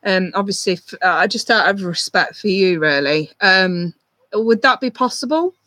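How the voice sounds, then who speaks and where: A tarot reader on a live stream, talking softly and reassuringly to a viewer, with many ums and restarts. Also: mid-range voice, animated, normal speed, no room sound.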